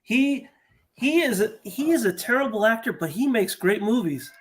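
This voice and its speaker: Man with a high voice who jumps in eagerly with his points. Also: animated, moderate pace. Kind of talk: casual group chat.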